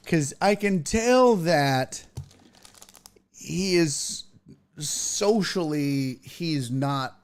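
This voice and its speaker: A man hosting a podcast, telling a story in casual chat, swearing freely and building to loud rants. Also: fairly high pitch, very slow, clean tone. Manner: profane, animated, rising to loud rants. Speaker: podcast host.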